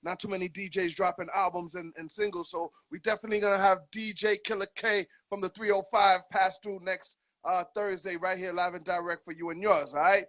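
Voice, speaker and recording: A man's voice: sits high, steady tone, a little fast, hardly any pauses, fairly bright tone. A man hosting a radio show, chatting casually with a guest in hyped, slangy talk and laughing often. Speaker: radio DJ host. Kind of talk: casual radio interview chat.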